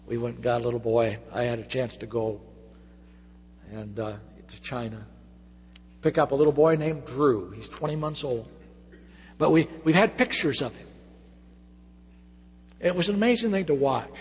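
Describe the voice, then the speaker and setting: A middle-aged man preaching a sermon as a pastor, swinging between loud emphasis and soft hushed moments. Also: mid-range voice, breathy edge. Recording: reverberant church hall.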